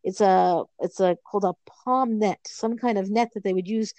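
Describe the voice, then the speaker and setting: A woman works through a Talmud passage, reading it and then explaining it. She speaks in a measured, thoughtful way and pauses with "um". The recording is dry and close, with no room sound. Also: mid-range voice, steady tone, darkish tone, dry recording. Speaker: Talmud teacher.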